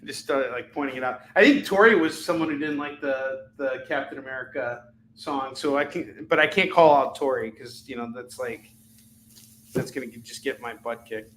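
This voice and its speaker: A man's voice: mid-range voice, a bit bright, slight background noise, rough recording. A man hosting a live shopping stream, calling out items and prices in a chatty, joking way. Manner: chatty, jokey, rapid-fire price callouts. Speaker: live shopping show host. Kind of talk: live-stream selling chat.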